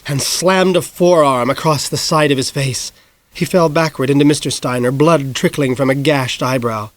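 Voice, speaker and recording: A man in his forties narrating an audiobook in a measured storytelling voice, close on a studio mic. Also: medium pitch, no echo. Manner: measured storytelling, rising to shouts in action. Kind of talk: scripted narration.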